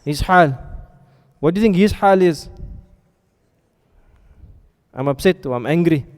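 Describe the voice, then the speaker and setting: A man's voice: a little high, animated, a little slow. A man teaching a classroom lesson, often stopping to ask his students questions and check they are following. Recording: reverberant hall sound.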